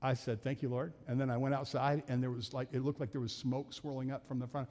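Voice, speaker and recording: A man's voice: medium pitch, little pitch movement, quick pace, a little mellow. A middle-aged man, a pastor, telling a family story in a folksy sermon and acting out the voices. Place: church sanctuary. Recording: reverberant church hall with faint music.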